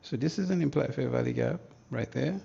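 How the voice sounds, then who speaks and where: Man, live trading lesson, slangy and musing, husky voice, dull lo-fi sound. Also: mid-range voice, a little fast, mellow. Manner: slangy, thinks aloud, hums and mutters to himself. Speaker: trading educator, livestream host. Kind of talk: casual live market analysis.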